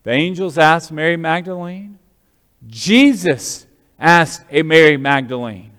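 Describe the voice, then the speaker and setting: A man preaching an Easter-style sermon as a pastor, with an animated, rising and falling delivery. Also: a little high, takes it slowly, big-room sound.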